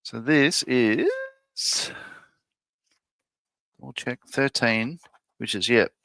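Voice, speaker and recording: A man talks easily while building a model on a live stream, musing aloud and reading out viewer comments. His voice has a gravelly edge and a bright tone. The sound is dry and close. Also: mid-range voice, drawn-out words, dry recording. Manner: relaxed, thinks aloud, reads viewer comments out.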